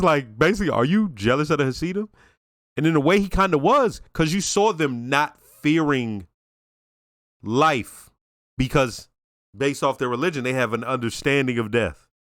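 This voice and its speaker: A man giving casual reaction commentary on a TV episode, talking in a slangy, reflective, animated way. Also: medium pitch, clean tone, dry recording, studio quality. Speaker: show reaction reviewer.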